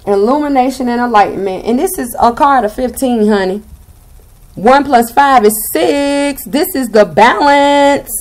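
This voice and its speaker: A woman's voice: high-pitched, measured pace. A young woman with a Southern US accent giving a blunt, sassy tarot reading and swearing freely. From Southern United States. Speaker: tarot reader.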